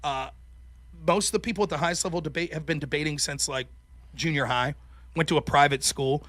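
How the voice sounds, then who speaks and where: A man's voice: a little high, brisk, a bit bright. A man in casual podcast chat, talking animatedly, swearing constantly and acting out what other people said. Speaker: podcast guest, former college debater.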